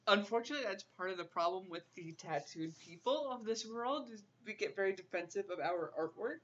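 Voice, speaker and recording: A woman co-hosting a podcast who speaks calmly and reads out listener messages. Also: medium pitch, fairly quick. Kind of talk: casual chat. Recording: dull audio with faint noise.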